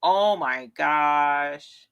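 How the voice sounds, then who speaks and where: A woman in her forties hosting a casual craft live stream, gushing and exclaiming excitedly and talking straight to her viewers. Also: deep voice, drawn-out words, clean tone, muffled recording. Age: 40s. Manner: talks straight to viewers as "y'all". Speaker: craft show host.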